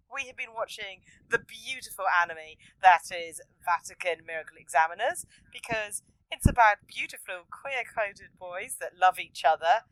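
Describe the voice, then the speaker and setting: A woman hosting a podcast, chatting casually and acting out characters' lines with excitement. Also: dry recording, low-quality recording. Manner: animated, acts out characters' lines in a high excited voice. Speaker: podcast host. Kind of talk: casual podcast chat recapping an anime.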